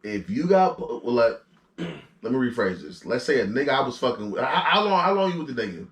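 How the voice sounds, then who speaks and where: A man's voice: mid-range voice, very animated, fairly quick, a bit bright, far from the mic. A man co-hosting a podcast in casual chat, bluntly teasing and repeating his jabs. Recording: echoey room.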